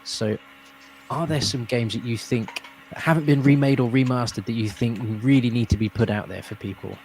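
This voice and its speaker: A man's voice: medium pitch, moderate pace, a little mellow. A man hosting a live stream, rambling and laughing in casual chat. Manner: friendly, rambling, laughs often. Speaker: host. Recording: faint noise.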